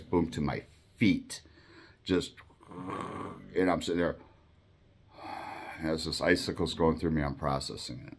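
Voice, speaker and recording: A man in his fifties telling a rambling personal story in a casual way, swearing freely and filling pauses with "you know" and "uh". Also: rumbling low. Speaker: storyteller recounting his past.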